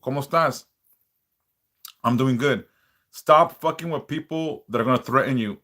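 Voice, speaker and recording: Blunt, cussing male livestream host, casual chat with viewers, mid-range pitch. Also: moderate pace, fairly bright tone. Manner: blunt, profane, warning viewers. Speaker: livestream host, spiritual worker.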